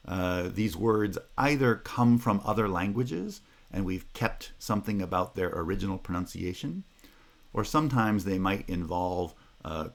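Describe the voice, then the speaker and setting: A man with a North American accent giving a recorded linguistics lecture, explaining steadily with frequent "uh" pauses. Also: low voice, creaky. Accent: North American English.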